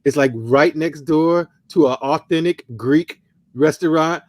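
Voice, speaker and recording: A man with a somewhat high voice co-hosts a casual podcast. He talks in a relaxed, rambling way, full of filler words. The recording is close and dry. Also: unhurried, dry recording. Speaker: podcast co-host. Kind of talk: casual chat.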